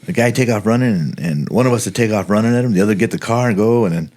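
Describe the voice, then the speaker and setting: A fast-talking middle-aged man with a lowish voice, once a homicide detective in the Los Angeles area and now retired, chats on a podcast. His anecdotes wander in a relaxed way and are full of fillers.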